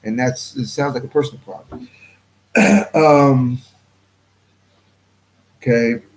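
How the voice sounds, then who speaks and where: Man, channel host, casual livestream commentary, rambling, blunt, frequent throat-clearing, mid pitch. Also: slow pace, rough recording.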